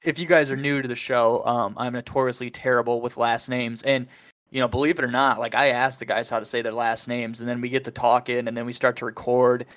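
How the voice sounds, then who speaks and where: A man's voice: medium pitch, level tone, a little fast, a bit bright. A man hosting a podcast in a loose, rambling way, swearing casually and laughing often. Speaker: podcast host.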